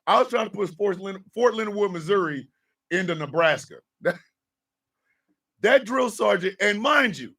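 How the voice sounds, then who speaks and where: Gravelly high-voiced man telling stories. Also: moderate pace, pauses often, distant mic. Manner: animated storyteller, profane, mimics drill sergeants. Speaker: radio show host. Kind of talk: storytelling on a morning radio show.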